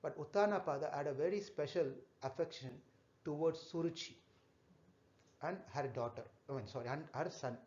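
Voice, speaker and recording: Male class teacher, slightly high voice, halting and repetitive storyteller, echoey dull room. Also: darkish tone. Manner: halting, repetitive storytelling with fillers, asks the children questions. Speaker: teacher telling scripture stories to children.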